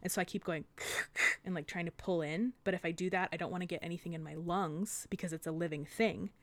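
A woman co-hosting a podcast, telling a story in a casual, animated way, full of swearing and acted-out quotes. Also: lowish voice, fairly quick, no echo. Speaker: podcast co-host.

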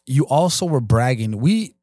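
A man co-hosts a casual podcast, teasing his partner and firing off one follow-up question after another. His voice sits in an ordinary middle pitch and is recorded dry and close. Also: lively intonation, normal speed, warm tone, dry recording. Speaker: podcast co-host. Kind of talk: casual chat.

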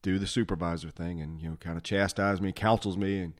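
A man hosting a podcast, a former fire officer telling old station stories in a lively way, acting out the quotes and laughing often. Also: low voice, a little fast. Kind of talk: casual storytelling chat.

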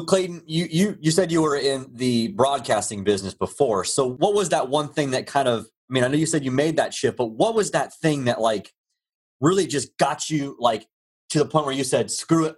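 A man's voice: medium pitch, expressive, moderate pace, breathy edge. A man hosting an interview, asking loose, rambling questions full of fillers. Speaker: interview host.

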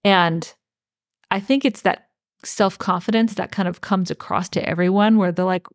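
Woman on a book podcast, kinda low voice, earnest and excited, dry sound. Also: moderate pace, dry recording. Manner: earnest, enthusiastic, talks with fillers and restarts. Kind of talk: casual book club chat.

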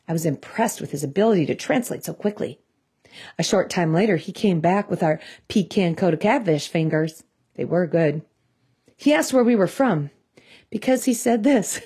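A woman's voice: lowish voice, lively intonation, normal speed, dark tone, slightly rough. A woman from Minnesota with a Midwestern accent, telling a devotional story in an earnest, conversational way. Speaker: devotional host.

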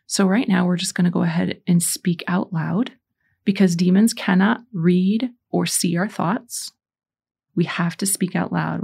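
A woman's voice: lowish voice, vocal fry, a little mellow, slightly rough. A middle-aged woman hosting a Catholic podcast, talking in an earnest, encouraging, conversational way, mixing stories with teaching and prayer.

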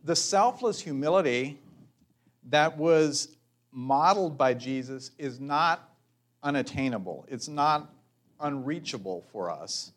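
A man preaching a measured, thoughtful sermon as a pastor, pausing for reflective asides. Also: fairly high pitch, expressive, a bit bright.

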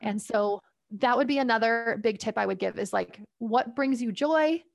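A woman's voice: a little high, normal speed, gravelly, no room sound, clean studio sound. A woman parenting coach explaining her tips in an upbeat, chatty way as an interview guest, laughing between points. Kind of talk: guest giving advice in a podcast interview.

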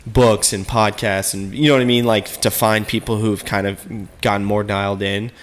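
A man hosting a casual chat, animated, who often acts out quoted small talk. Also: on the low side, moderate pace.

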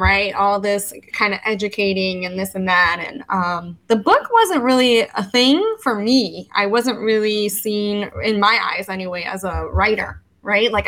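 Bright-voiced woman telling her story. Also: mid-range voice, rough recording. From United States. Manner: animated storyteller who acts out her own past words. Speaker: podcast guest, legal educator. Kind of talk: casual interview conversation.

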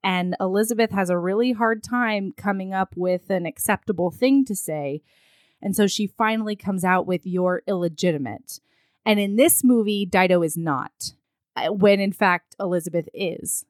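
A woman recapping a film in casual chat, acting out the characters' lines in an animated way. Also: mid-range voice, moderate pace, no echo, studio quality. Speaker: podcast co-host recapping a film. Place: her living room.

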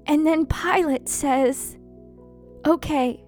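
A woman speaks in a high voice, slowly and with heavy pauses. She delivers a first-person dramatic monologue, anguished and intense, repeating phrases as she goes. Faint music plays quietly behind her. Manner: slow, anguished and intense, with many pauses and repetitions.

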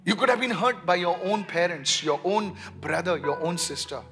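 A man preaching a sermon as pastor, leading the congregation in call-and-response and swinging from hushed lines to shouts. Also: sits high, expressive, moderate pace, music in the background. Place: church.

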